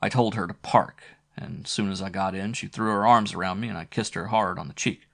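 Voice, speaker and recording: Low-voiced male reader, terse noir audiobook narration. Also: steady tone, fairly quick, creaky. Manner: terse, clipped. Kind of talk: first-person hardboiled audiobook narration.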